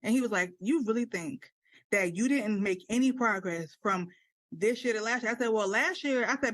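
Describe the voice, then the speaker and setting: A woman's voice: fairly high pitch, brisk, no room sound. A young woman co-hosting a casual podcast chat, telling stories with dramatic, acted-out quotes. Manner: animated storyteller, acts out quotes dramatically. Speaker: podcast co-host.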